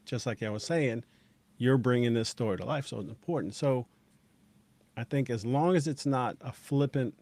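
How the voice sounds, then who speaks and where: A man's voice: medium pitch, normal speed, darkish tone. A man in casual chat, thoughtfully explaining a point about acting.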